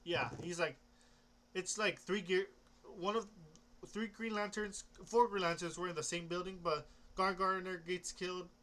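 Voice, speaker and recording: A man's voice: high voice, steady tone, normal speed, sharp tone. A young man rambling casually about comics, hesitant, restarting often and swearing offhandedly. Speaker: comic book vlogger.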